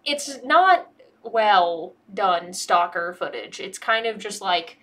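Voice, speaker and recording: A woman's voice: medium pitch, very animated, unhurried, fairly bright tone. An American woman giving a casual comedic movie review, sarcastic and profane, rambling and a bit tipsy. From United States.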